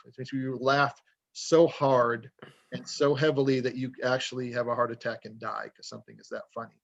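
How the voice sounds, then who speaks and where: A man's voice: mid-range voice, muffled recording. A man talking casually on a podcast as an author guest, rambling and self-deprecating as he tells stories.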